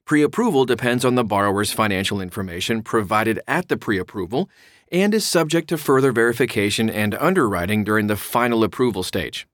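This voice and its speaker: A man's voice: fairly low pitch, expressive, a little fast, no room sound, studio quality. Man explaining mortgages step by step. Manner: clear, instructive, with casual asides. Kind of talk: reading an explainer aloud.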